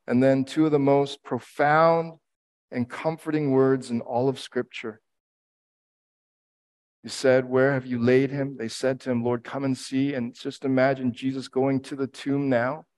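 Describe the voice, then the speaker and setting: A middle-aged man delivers a sermon, grieving and earnest. His voice sits at an ordinary pitch and moves between quiet reflection and emphatic repetition. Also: flat delivery, measured pace. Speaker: pastor.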